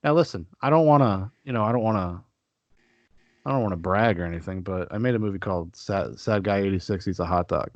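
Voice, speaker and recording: A man's voice: low voice, a little fast, no room sound, highs cut off. A man hosting a casual podcast chat, swearing freely and slipping into mock-boastful rants. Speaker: podcast host.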